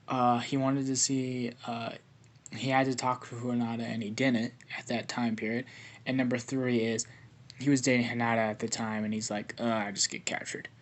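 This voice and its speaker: A man narrating an improvised fan story in a rambling way, with many fillers and restarts. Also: mid-range voice.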